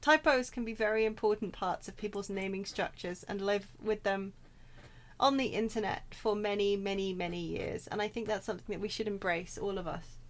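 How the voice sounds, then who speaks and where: A woman's voice: medium pitch, fairly even intonation, a little fast. A woman streaming a game, chatting casually in a playful, teasing way. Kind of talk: casual let's-play chat.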